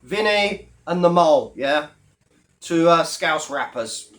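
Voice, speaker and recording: Guy with a high voice ranting on his vlog, swears a lot, mocks people. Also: expressive, slow, a bit bright. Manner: blunt, heavy swearing, mocking. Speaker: YouTube commentator.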